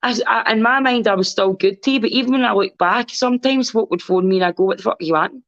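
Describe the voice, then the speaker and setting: A woman's voice: fairly high pitch, quick pace, no room sound. A Scottish woman speaking as a podcast guest in casual chat, rambling and candid and swearing freely. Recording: dull lo-fi recording.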